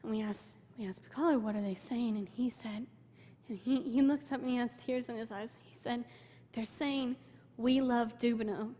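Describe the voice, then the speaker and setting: A young woman speaks to a church congregation about her mission trip, her voice sitting a little high. She tells the story with feeling and slips into quoting the people she met. Her voice carries a long reverb from a large hall. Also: steady tone, moderate pace, mellow. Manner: emotional storytelling, quotes people in her own voice. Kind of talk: personal testimony to a church. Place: church sanctuary.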